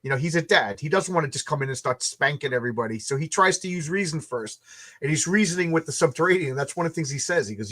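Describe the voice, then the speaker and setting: A tired man with a fairly high voice tells stories in a loose, rambling way, restarting his sentences and repeating words. He talks casually, as if chatting late at night with friends. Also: expressive, fast talker, pushed and bright. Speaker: comic book creator hosting a launch stream.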